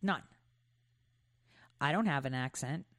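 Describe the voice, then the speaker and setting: A woman's voice: sits low, takes it slowly, no echo, clean studio sound. A middle-aged woman from New York hosting an opinionated commentary monologue, conversational and pointed with frequent asides. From New York, United States. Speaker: commentary host.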